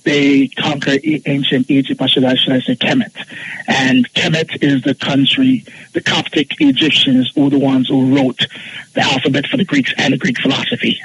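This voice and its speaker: A man calling a radio show, lecturing on history emphatically, with pauses and fillers. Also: mid-range voice, vocal fry, fairly bright tone, slight background noise, rough recording. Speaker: caller.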